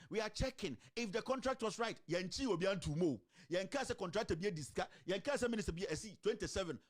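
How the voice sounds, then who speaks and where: High-voiced Ghanaian man ranting on politics. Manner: animated, mixing local language and English, rhetorical questions. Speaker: online commentator. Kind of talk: political commentary.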